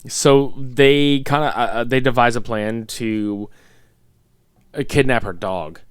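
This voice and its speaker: A man in his thirties co-hosting a podcast, recapping a film in loose, profane casual chat and laughing loudly. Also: medium pitch, steady tone, takes it slowly, smooth, dry recording, clean studio sound. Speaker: podcast co-host.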